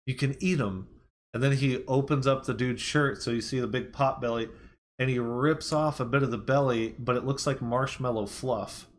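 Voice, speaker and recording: A man walks through a film's plot in a loose, rambling recap, quoting characters as he goes. His voice sits at an ordinary male pitch. The delivery is casual and conversational rather than polished. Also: steady tone, normal speed, a little hiss or hum. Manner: rambling with frequent "like" and "you know". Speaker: movie reviewer.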